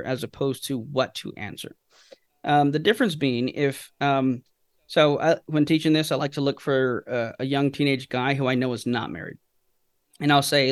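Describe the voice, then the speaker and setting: A man's voice: medium pitch, normal speed, no room sound, studio quality. A man, a guest on a podcast, explaining his approach by telling anecdotes and answering his own rhetorical questions. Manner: teaching through anecdotes, asks himself questions. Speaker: guest speaker. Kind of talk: podcast interview storytelling.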